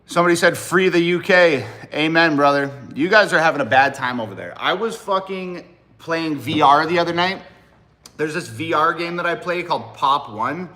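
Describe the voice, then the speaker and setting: A man's voice: a little high, normal speed, pushed and bright. A man in his thirties hosting a casual livestream, talking in a blunt, profane and rambling way to his viewers. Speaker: livestream host and rapper.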